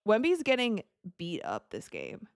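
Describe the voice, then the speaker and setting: A woman's voice: mid-range voice, unhurried, gravelly, clear, resonant tone, no echo, studio quality. Chatty woman reacting live to a game. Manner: chatty, animated, reacting to plays. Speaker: livestream host. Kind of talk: casual live commentary.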